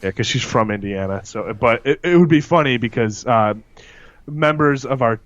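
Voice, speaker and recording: A man's voice: medium pitch, moderate pace, a bit bright, dry recording. Rambling jokey man, dull dry sound. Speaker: podcast co-host. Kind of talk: casual chat.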